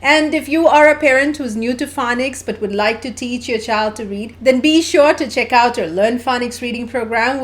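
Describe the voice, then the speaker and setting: A woman narrating a phonics lesson for parents, carefully sounding out syllables. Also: a little high. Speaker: phonics teacher. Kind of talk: instructional video narration.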